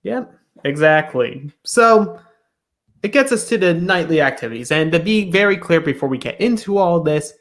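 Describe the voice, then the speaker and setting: A man's voice: fairly high pitch, animated, moderate pace, a bit bright. Man recapping a reality show. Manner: retells scenes, briefly acting out the cast's lines. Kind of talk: casual recap chat.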